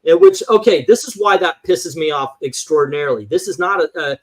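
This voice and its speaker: A livestream co-host with a slightly high, animated voice speaks fairly quickly. In a casual chat, he rants animatedly and acts out voices while telling a story.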